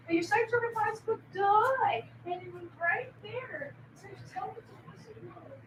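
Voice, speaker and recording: A woman on a rambling livestream rant, swinging erratically from mutters to shouted, sing-song accusations full of swearing. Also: extremely high pitch, normal speed, hardly any pauses, far from the mic, slight background noise. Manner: profane and accusatory. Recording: echoey room, voice off-mic.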